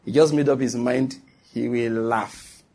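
A male preacher with a husky, breathy voice at a middle pitch delivers a sermon. He presses his points through repetition and keeps asking his listeners whether they follow. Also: steady tone, measured pace, a little mellow. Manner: emphatic and repetitive, with asides to the listeners. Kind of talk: sermon to a congregation.

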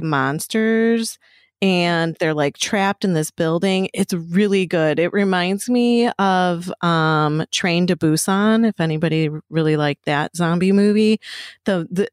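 Chatty, swearing woman, low voice. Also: dry recording, clean studio sound. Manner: chatty, swears freely, animated storytelling. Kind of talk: casual chat.

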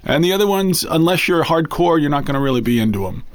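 A man's voice: a little high, animated, quick pace, no echo. A man co-hosting a casual chat, blunt and dry in manner. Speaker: podcast co-host.

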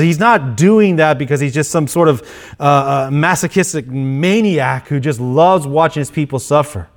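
A man's voice: on the high side, normal speed. A male pastor preaching an earnest sermon, often repeating and restarting his phrases.

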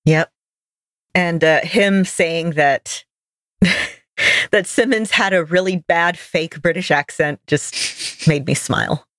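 A woman's voice: on the low side, slow, pauses often, a bit bright, no room sound. Woman co-host, casual chatty recap, dry close sound. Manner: chatty, laughs easily. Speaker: podcast co-host. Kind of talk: casual chat.

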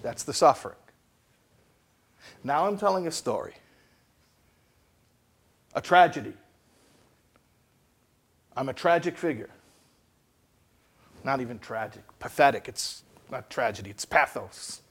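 A man giving an animated lecture, telling stories and asking rhetorical questions. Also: mid-range voice, a little slow, long pauses, husky. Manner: storytelling with rhetorical questions and acted-out dialogue.

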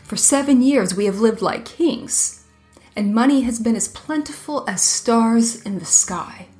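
A woman voicing a clever young soldier who speaks calmly and dryly in a storybook reading. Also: on the high side, unhurried, soft background music. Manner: calm, dry and thoughtful.

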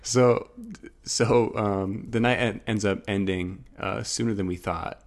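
Young man, casual storytelling, lower voice, lively delivery. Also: unhurried. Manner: animated, acts out his own words with rising pitch.

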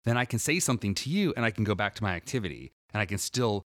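A man with a lowish voice talks through improv in a relaxed podcast chat. He is animated and jumps into quick character voices to show his examples. The sound is dry and close to the mic. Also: dry recording. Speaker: improv teacher and guest. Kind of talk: casual podcast conversation.

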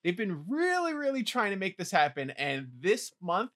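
Male podcast co-host, high lively voice, bright tone, rambling crude banter. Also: normal speed. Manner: rambling, crude jokes, many "like" fillers. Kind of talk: casual chat.

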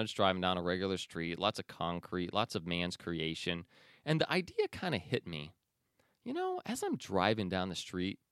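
Man, podcast host, low voice, animated pitch, emphatic, conversational, dry close sound. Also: clean tone, dry recording. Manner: conversational, self-correcting, emphatic. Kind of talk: casual commentary and reading aloud.

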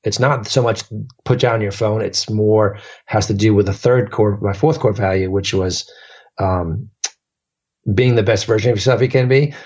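Low husky man, rambling storyteller. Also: moderate pace, a little mellow, dull audio. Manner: rambling, restarts often, lots of fillers. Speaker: podcast guest. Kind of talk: casual storytelling chat.

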